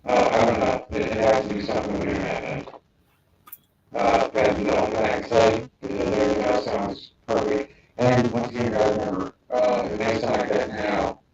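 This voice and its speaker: A man's voice: lowish voice, fairly even intonation, moderate pace, darkish tone, a little hiss or hum. A man co-hosting a podcast, rambling through his thoughts with many ums and restarts. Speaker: podcast co-host. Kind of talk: casual podcast discussion. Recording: distant, echoey, dull remote audio.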